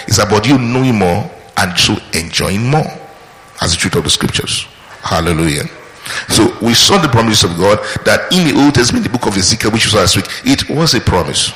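A man's voice: fairly low pitch, a bit bright. A man preaching a sermon, repeating his key points and asking the congregation questions. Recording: echoey hall with long reverb.

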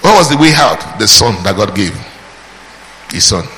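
A man's voice: fairly low pitch, sing-song, moderate pace, bright, forceful tone. A man preaching a sermon, emphatic, asking the congregation questions, answering them himself, and calling out praise between points. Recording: long hall reverb with faint background noise.

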